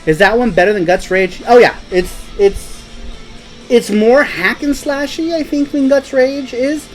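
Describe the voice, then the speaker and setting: A man's voice: very high-pitched, a little slow, soft background music, rough recording. A man hosting a casual live stream, chatting in a rambling, laid-back way and laughing easily. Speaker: host.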